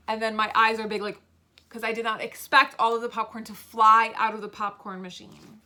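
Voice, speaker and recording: A woman teaching a video lesson to young children as a pre-k teacher, sounding out words letter by letter in a playful, expressive way. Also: fairly high pitch, fast talker.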